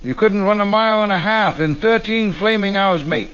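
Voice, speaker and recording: A man's voice: high-pitched, moderate pace, fairly bright tone, clean tone, muffled recording. A man with a Cockney accent voicing a blunt, wry working-class sidekick in an AI-voiced comedy sketch. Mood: mocking.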